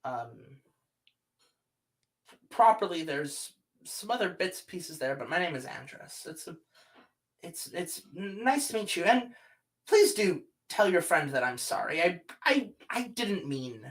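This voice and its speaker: Slow, halting, wary salamander gent, played by the game master, a bit off-mic. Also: medium pitch, big pitch swings, fairly bright tone, far from the mic, low-quality recording. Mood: flustered. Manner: stammering, halting, hesitant speech. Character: nervous, guarded salamander man, formal and wary. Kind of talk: tabletop role-play character voice.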